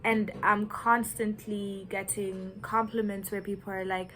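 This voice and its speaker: A woman from Kenya speaks slowly and earnestly in a personal reflection. She chooses her words with care, breaks off now and then for a nervous laugh, and her voice sits at an ordinary middle pitch over a faint hiss. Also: flat delivery, fairly bright tone, low-quality recording. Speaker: vlogger.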